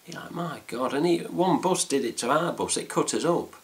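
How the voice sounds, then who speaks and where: A man's voice: on the high side, expressive, moderate pace. A man with an English accent chatting casually to camera about a trip, rambling with fillers and mild swearing. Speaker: fan site vlogger. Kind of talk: casual chat.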